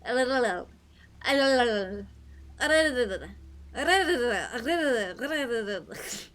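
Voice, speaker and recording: A young woman chats casually while she streams a game, playful and quick to giggle. Her voice is bright and sits a little high. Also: expressive. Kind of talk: casual gaming stream chat.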